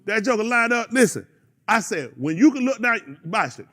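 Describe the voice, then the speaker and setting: Man, radio host, very high pitch, lively up-and-down delivery, rambling rant. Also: moderate pace. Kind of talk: casual chat.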